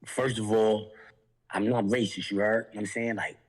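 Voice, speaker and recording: A man's voice: lowish voice, fairly even intonation, normal speed, husky, poor audio. A man on a podcast, talking in heated, emphatic street slang. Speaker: podcast guest. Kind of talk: heated casual talk.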